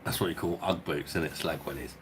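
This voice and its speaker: A deep-voiced man tells a loose, rambling story to his viewers. He swears freely and chuckles as he goes, over a faint hiss of background noise. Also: quick pace. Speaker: beer review channel host. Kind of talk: casual storytelling chat and viewer Q&A.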